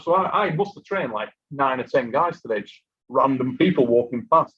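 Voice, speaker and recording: Tired, husky-voiced man hosting live. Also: mid-range voice, lively intonation, moderate pace, a bit bright. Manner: chatty, reads out super chats. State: exhausted from lack of sleep. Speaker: host of an armwrestling live stream. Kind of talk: casual live-stream chat. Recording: muffled lo-fi live stream audio.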